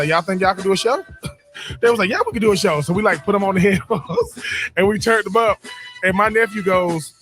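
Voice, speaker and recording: A man co-hosting a radio show tells stories in a casual chat, his voice sitting high and a bit bright. He repeats words and restarts often, laughing frequently as he goes.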